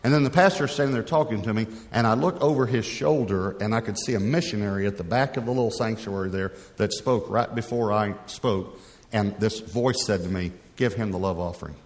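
Middle-aged pastor preaching in a reverberant hall. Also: male voice, on the low side, fairly quick. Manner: conversational, rambling, with frequent restarts. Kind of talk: storytelling sermon. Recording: long reverb of a large hall.

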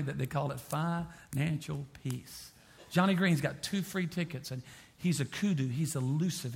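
A man preaching a sermon as pastor, repeating phrases and swinging from quiet to impassioned. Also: a little high, vocal fry.

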